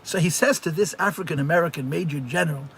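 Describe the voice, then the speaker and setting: A man, a rabbi, teaching a live religious class and telling stories in an animated way, often repeating phrases for emphasis. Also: on the high side, fast talker, vocal fry, a little hiss or hum.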